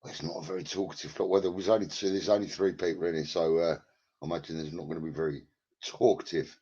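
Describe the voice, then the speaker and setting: A man's voice: very deep voice, fairly even intonation, fast talker, mellow, breathy edge. A man chatting casually to his live-stream viewers from home on a headset, rambling, crude and full of swearing as he greets people by name. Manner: rambling, crude and profane, banters with chat by name. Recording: lo-fi, dull sound.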